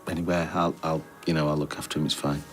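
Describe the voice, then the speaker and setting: A man's voice: a bass voice, flat delivery, fast talker, faint music behind. An actor playing a flustered man who rambles nervously and stumbles over his words. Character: flustered man hiding something. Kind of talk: TV soap acting.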